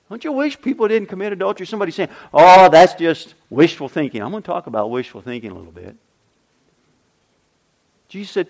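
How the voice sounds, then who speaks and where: Older guy pastor giving a sermon, kinda high voice, swings up and down a lot. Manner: emphatic preaching with repeated refrains and rhetorical questions.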